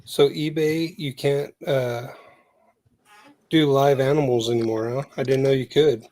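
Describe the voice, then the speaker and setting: A man's voice: medium pitch, fairly even intonation, measured pace, mellow. A male guest on a casual livestream with an average, mid-range voice. He chats in an easygoing way and chuckles often. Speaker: stream guest. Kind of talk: casual chat.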